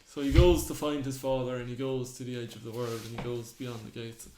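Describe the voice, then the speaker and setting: A man's voice: mid-range voice, level tone, fairly quick, mellow, a little hiss or hum. A man with a mid-range voice retells myths in easy, casual podcast chat. He acts out the characters' lines as he goes. The recording has a roomy echo. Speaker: podcast co-host.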